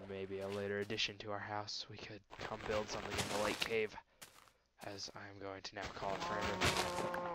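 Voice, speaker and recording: A young man commenting on his own gameplay in a silly, mock-grand voice, speaking to the animals and trees. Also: lowish voice. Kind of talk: let's play commentary. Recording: noisy amateur recording.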